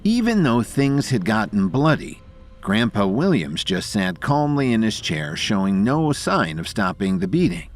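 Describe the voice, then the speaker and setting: Low guy narrating audio drama, pretty expressive, soft music behind. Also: measured pace. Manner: dramatic storytelling.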